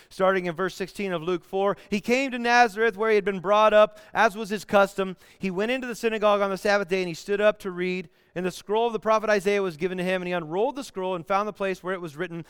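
Animated high-voiced preacher man. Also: clear, resonant tone, no room sound, clean studio sound. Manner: storytelling, animated, bursts into song. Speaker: pastor. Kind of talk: sermon.

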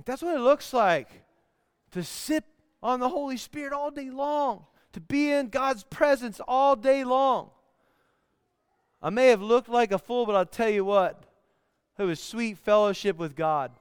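A man delivers a sermon in a high, clear, resonant voice. He tells stories with animation and sometimes bursts into song. The sound is dry and close. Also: unhurried, dry recording. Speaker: pastor.

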